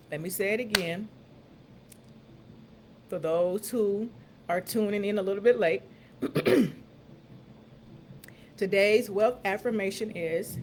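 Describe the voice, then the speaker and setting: A woman hosts a motivational talk and leads her listeners through affirmations. She stresses key phrases and repeats them slowly and emphatically. Her voice sits mid-pitch, with a faint hum of ambience behind it. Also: animated. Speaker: host.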